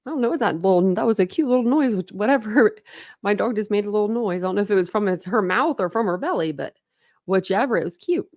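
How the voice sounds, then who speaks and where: A woman's voice: mid-range voice, animated, fast talker, darkish tone, dry recording, studio quality. A woman hosting a casual livestream from home, chatty and apologetic, greeting viewers by name. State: a little out of breath. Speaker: livestream host. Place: home room with dogs.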